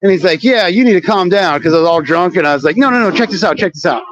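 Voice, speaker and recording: Rambling profane man, high voice. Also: expressive, quick pace, a bit bright, dull audio. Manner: rambling, profane, slangy retelling with many fillers. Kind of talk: casual storytelling vlog walking outdoors. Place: outdoors on city streets near a train station.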